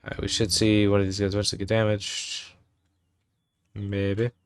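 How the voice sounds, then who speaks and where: A man's voice: on the low side, monotone, moderate pace, clean tone. A man casually talking through his game-building work on a livestream, muttering commands as he types. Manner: mutters commands aloud while typing. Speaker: streamer and game developer.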